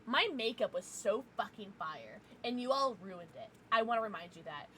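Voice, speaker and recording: A young woman streamer chatting casually with her viewers from a home setup, loud, giggly and profane, her nose stuffed up from crying. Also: medium pitch, animated, normal speed, slight background noise. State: congested from crying. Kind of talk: casual livestream chat.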